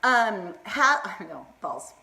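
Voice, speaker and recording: A woman's voice: medium pitch, sing-song, takes it slowly, gravelly, bright, forceful tone. A middle-aged woman chatting on a live stream, bubbly and rambling, laughing often and talking to her viewers by name. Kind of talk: casual Facebook Live chat.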